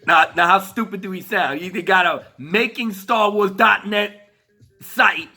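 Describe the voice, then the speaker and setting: High, bright-voiced man ranting. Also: a little slow, faint music behind. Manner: laughs often, mocking, stammers on restarts. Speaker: commentary vlogger. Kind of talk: profane casual rant.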